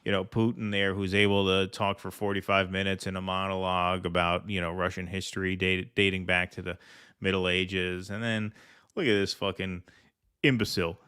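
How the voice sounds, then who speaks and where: Bright-voiced sarcastic male host. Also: low-pitched, level tone, moderate pace, smooth. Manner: blunt, sarcastic, profane. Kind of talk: casual political commentary.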